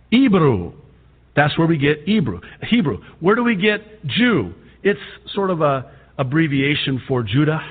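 A Lebanese-born man whose first language is Arabic, preaching a fervent sermon that swings between loud outbursts and quiet asides. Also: fairly high pitch. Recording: tinny phone-like sound with long hall reverb.

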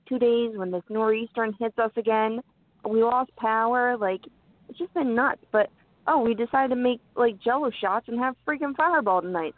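A woman's voice: a little high, dry recording. A woman from southeastern Pennsylvania with its accent, co-hosting a chatty, giggly conversation. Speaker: co-host. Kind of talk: casual chat. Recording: tinny phone-like call audio, dry.

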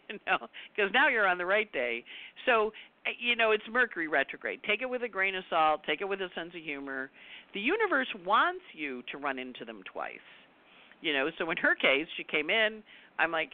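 A woman's voice: fairly low pitch, very animated, brisk. A woman astrologer giving her weekly forecast in a chatty monologue, repeating words for emphasis and telling personal anecdotes. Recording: tinny phone-like audio.

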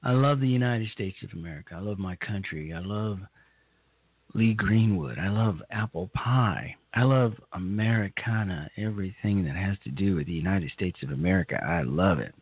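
A man hosting a live political talk radio show, halting and repeating himself as he talks, nervous throughout. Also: sits low, expressive, husky, no echo. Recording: tinny phone-like line.

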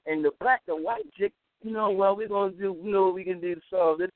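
A man's voice: high-pitched, expressive, quick pace, no echo. A man on a casual radio talk show who argues emphatically and profanely and keeps cutting in. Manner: emphatic, profane, cuts in often. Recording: dry, tinny phone-like sound.

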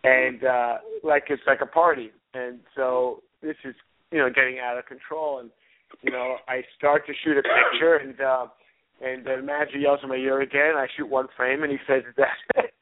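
A man guest telling a long story in halting speech full of fillers and soft chuckles. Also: mid-range voice, little pitch movement. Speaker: guest photographer. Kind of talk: anecdote telling on radio call-in. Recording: tinny phone line.

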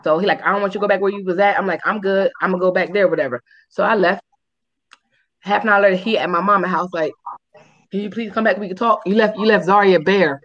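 A quick-paced woman is heard on audio missing its high frequencies. She's a podcast co-host telling a story in loose, profane conversation, animatedly acting out quotes with high squeals.

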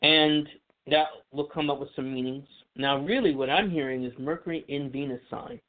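A man's voice: a little high, moderate pace. A man explaining astrology in casual radio talk, chatty, with many fillers and restarts. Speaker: astrology guest. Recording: tinny phone line.

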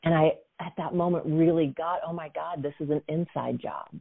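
A woman in her fifties, a guest coach and author, telling a personal story in a lively way with many "you know" fillers. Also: low voice, normal speed, creaky. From United States. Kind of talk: storytelling in a conversation. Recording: phone-like narrow sound.

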